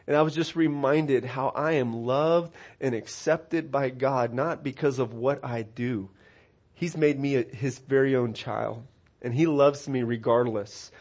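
A man preaching a sermon, earnest and personal, rising to emphatic peaks and dropping soft, often repeating words as he restarts phrases. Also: medium pitch. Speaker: pastor.

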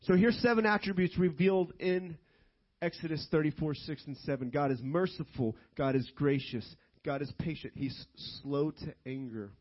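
A middle-aged man preaching a sermon as pastor, animated and building to loud, emphatic stretches. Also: on the high side, muffled recording.

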